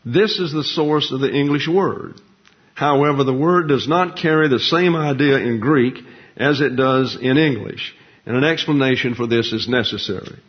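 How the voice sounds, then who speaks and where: A man's voice: medium pitch, moderate pace, husky. A man preaching a Bible teaching sermon, digressive and folksy, explaining words with many fillers. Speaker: pastor. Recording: dull lo-fi recording.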